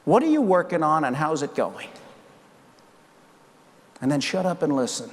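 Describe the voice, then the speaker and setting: Long pauses break up the normal-paced, fairly high voice of a man in his sixties giving a keynote. He tells stories lively, acting out each exchange, while a large conference hall adds long reverb.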